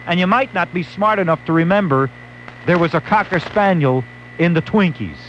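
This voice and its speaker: New talk radio host, lo-fi. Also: male voice, high voice, animated, normal speed, fairly bright tone, slight background noise. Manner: wry storytelling with acted-out quotes. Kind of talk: late-night radio monologue. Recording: dull lo-fi AM radio recording.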